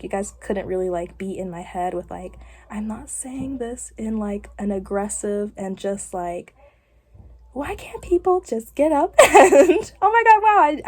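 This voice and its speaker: While having her hair done, a young woman chats casually for her vlog, rambling and dropping lots of fillers. She has a mid-range voice with a darkish tone.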